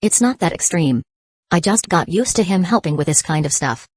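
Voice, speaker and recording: A woman's voice: on the low side, expressive, normal speed, breathy edge, no room sound. A woman voicing a composed, stubborn young female guild barmaid in an audiobook reading. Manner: stubborn, dry.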